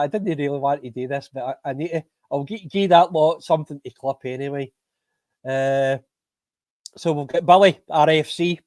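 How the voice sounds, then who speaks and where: A man's voice: a little high, darkish tone, no room sound. A Scottish man hosting a football fan podcast live stream, ranting angrily with lots of swearing and bitter laughs.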